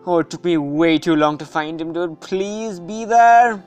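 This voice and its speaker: A woman giving casual gameplay commentary, excitable and anxious, often calling out "dude". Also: on the low side, measured pace, soft background music. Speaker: gaming video host.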